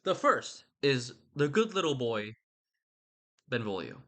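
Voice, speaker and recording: A man's voice: mid-range voice, big pitch swings, slow pace, fairly bright tone. Irreverent young man rambling casually. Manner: irreverent, swearing, slangy, self-interrupting. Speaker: channel host.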